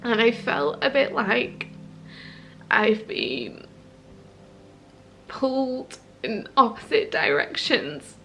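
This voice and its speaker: A woman's voice: on the high side, vocal fry, highs cut off. A woman sharing a personal vlog in a hesitant, earnest way, often searching for her words. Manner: earnest and heartfelt. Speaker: vlogger.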